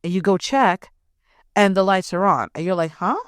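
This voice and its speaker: A woman's voice: lowish voice, fairly even intonation, moderate pace, smooth, no echo, studio quality. A young woman hosting a podcast, telling a personal story in a blunt, profane, emphatic way. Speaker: podcast host. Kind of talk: casual storytelling.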